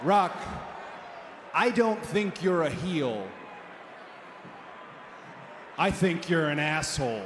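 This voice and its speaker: A man cutting a mocking, sarcastic wrestling promo at a rival, bursting into shouts. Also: a little high, expressive, takes it slowly. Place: large arena. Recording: echoey arena with long reverb, faint crowd noise.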